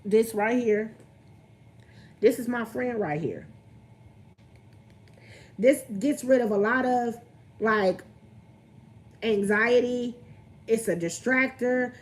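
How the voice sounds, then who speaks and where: A woman's voice: a little high, takes it slowly, long pauses. Candid young woman venting on a livestream. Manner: candid, talks straight to the camera and greets viewers. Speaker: vlogger on a livestream.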